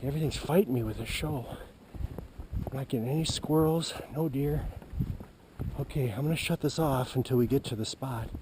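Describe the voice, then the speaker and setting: A man telling a hunting story as he walks a forest trail at dusk, recorded on a handheld camera, halting and folksy with lots of fillers. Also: mid-range voice, noisy background. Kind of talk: rambling walk-and-talk vlog. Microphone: handheld camera while walking.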